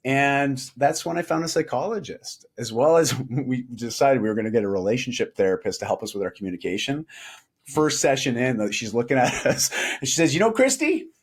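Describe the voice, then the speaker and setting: A middle-aged man telling a personal story as a podcast guest, animated, laughing often and acting out quoted dialogue. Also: medium pitch, brisk, slightly rough. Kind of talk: storytelling in a casual interview.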